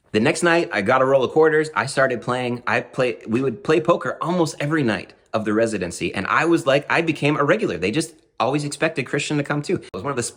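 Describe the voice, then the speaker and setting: Guy telling a story, kinda low voice, super animated and chatty. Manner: animated, conversational, with asides. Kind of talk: personal storytelling.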